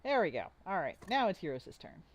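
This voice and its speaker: A woman's voice: fairly low pitch, sing-song, fairly quick. A woman running a tabletop game as game master, chatty and playful, often trailing off while she thinks.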